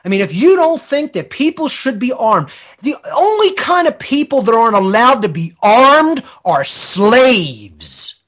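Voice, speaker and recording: Forceful ranting man on talk radio. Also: very high-pitched, big pitch swings, measured pace. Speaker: guest. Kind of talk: radio talk show discussion.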